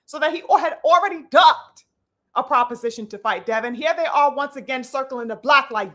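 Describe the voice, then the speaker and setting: A woman delivers a live-stream boxing commentary rant in a very high voice. Her tone is bright and sharp, and she hammers her point with profanity and stacked rhetorical questions. She calls out to her listeners as brothers and sisters, like a preacher working a congregation. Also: fairly quick. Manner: addresses the audience like a preacher.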